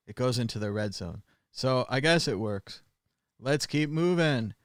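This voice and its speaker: A man's voice: medium pitch, a little slow, dry recording, clean studio sound. A man hosting a casual news commentary livestream, chatty and sarcastic, with lots of filler sounds. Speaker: show host.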